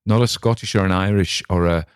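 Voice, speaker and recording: A man's voice: deep voice, fairly even intonation, brisk, clear, resonant tone, no echo, studio quality. A man with a northern English accent, a podcast host chatting casually about a story he read, rambling with restarts and asides. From north of England.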